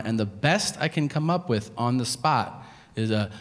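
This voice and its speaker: A man's voice: mid-range voice, animated, moderate pace. A man doing a stand-up comedy set, telling a story in a laid-back way and acting out the dialogue. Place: comedy club stage.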